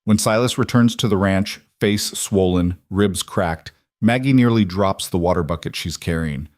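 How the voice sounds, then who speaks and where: A man reading a western story aloud in a dramatic, measured way. His voice is low and sits dry and close to the mic. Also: a little mellow, no room sound. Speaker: narrator. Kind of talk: scripted story narration.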